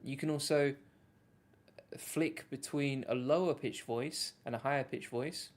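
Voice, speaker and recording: A man's voice: medium pitch, fairly even intonation, unhurried. A man hosting a casual live walkthrough of an app, talking loosely with lots of fillers and restarts. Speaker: host.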